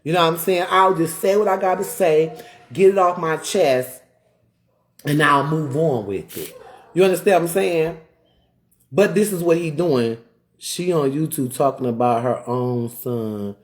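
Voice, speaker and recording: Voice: mid-range voice, measured pace. A live streamer ranting in heated commentary, repeating points, firing off rhetorical questions and breaking off to greet viewers. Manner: emphatic, repetitive, rhetorical questions; greets viewers mid-rant.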